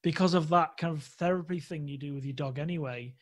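A man's voice: fairly high pitch, quick pace. A man hosting a podcast interview, polite and encouraging, often chiming in with short affirmations. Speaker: podcast host. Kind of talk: casual interview chat.

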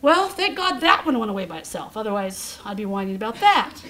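A woman's voice: medium pitch, big pitch swings, fairly quick, fairly bright tone. A woman in her fifties telling her own story to a support group with wry, self-mocking humor. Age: 50s. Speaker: comedian. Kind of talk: personal talk with humor. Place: hospital meeting room.

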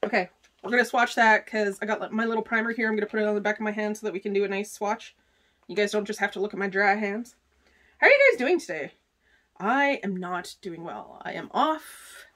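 A woman vlogger chatting casually through a beauty box unboxing, gushing and excitable, full of "like" and "oh my gosh.". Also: mid-range voice, a little fast. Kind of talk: casual unboxing chat to camera.

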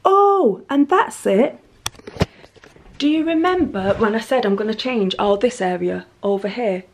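A woman's voice: fairly high pitch, lively intonation, a little slow, background noise. A woman talking casually to her camera at home, rambling and poking fun at herself as she goes. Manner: rambling, chatty, self-deprecating. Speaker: lifestyle vlogger. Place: at home, indoors. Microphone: handheld camera mic.

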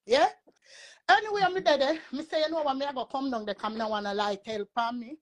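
A woman with a Jamaican patois accent, telling a rambling story in a casual live chat. Her voice sits high, and she talks with lively patois phrasing. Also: quick pace. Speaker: storyteller guest.

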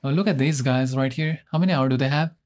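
A young man streaming a game live, chatting in a rambling, excitable way and often mocking his own mistakes. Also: mid-range voice, fast talker. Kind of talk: live gameplay commentary.

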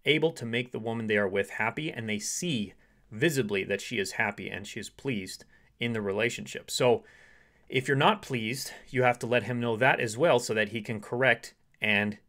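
A man in the middle pitch range coaching women on relationships. He talks straight to the listener in a steady monologue and now and then slips into softer acted-out example dialogues. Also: normal speed. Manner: acts out short quoted dialogues in softer voice. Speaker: dating coach.

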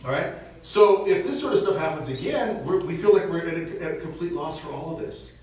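A man giving a lively parish mission talk on preparedness, joking and acting out little scenes for the audience. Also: a little high, brisk. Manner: animated, jokey, acts out little scenes. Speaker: visiting speaker on preparedness. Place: church hall. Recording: echoey church, recorded from far off.

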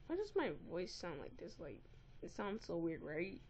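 A woman giving casual, excitable and easily exasperated commentary while playing a game, recorded on a tablet's built-in mic. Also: fairly low pitch, lo-fi sound. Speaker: gameplay recorder.

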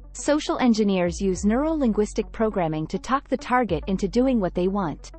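Lady reading a book summary script, steady explainer voice, quiet music underneath. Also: medium pitch. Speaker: narrator.

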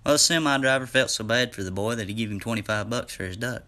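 Bright-voiced folksy man telling jokes. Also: mid-range voice, fast. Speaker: joke teller. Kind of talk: casual joke telling.

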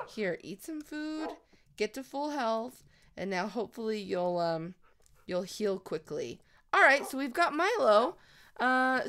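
A woman hosting a let's-play, chatting casually through her game and talking sweetly to her in-game pets, with sudden excited shrieks. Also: high-pitched, slight background noise. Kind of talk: casual gameplay commentary.

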